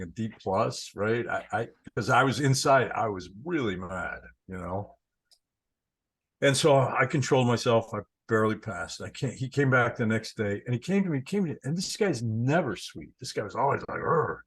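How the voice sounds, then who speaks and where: A man's voice: fairly low pitch, breathy edge, poor audio. A man giving a casual spiritual talk, telling stories in a conversational way and often repeating words as he gathers his thoughts. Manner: storytelling, conversational, repeats words while thinking. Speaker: spiritual teacher.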